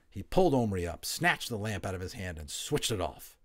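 A man narrating a children's novel aloud, expressive and building tension, dropping to hushed tones in quiet moments. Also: sits low, fairly quick. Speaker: audiobook narrator. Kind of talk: storybook read-aloud narration.

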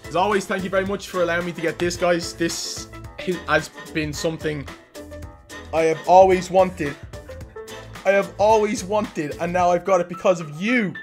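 A young man giving loud, boastful live commentary over his own gameplay, often laughing and shouting. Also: high-pitched. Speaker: gaming youtuber.

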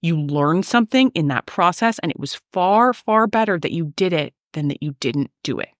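Woman podcast host, emphatic rant, lively swooping pitch, low-set voice. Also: moderate pace, no room sound, studio quality. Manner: emphatic, animated, ranty.

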